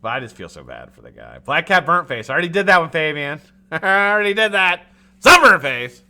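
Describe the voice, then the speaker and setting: With a slightly high, sing-song voice that sounds pushed and bright, this American livestream host in his forties talks briskly. He keeps things casual, cracking jokes, cursing, and calling out viewers' names from the chat.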